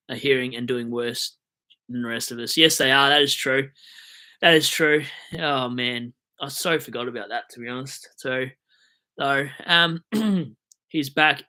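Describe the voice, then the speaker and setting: A man's voice: medium pitch, pushed and bright. A young Australian man hosting a fantasy football live stream, rambling and joking as he answers chat comments, with hiccups.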